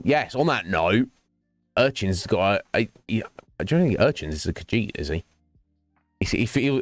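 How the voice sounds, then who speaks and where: A British man with a low voice chats casually with viewers while streaming a game, drifting from one topic to the next. The recording is studio quality with no echo.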